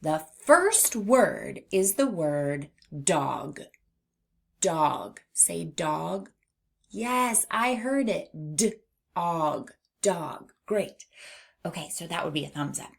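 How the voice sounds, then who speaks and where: A woman teaching a children's phonics lesson, modeling sounds slowly and clearly with playful asides. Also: low-pitched, expressive.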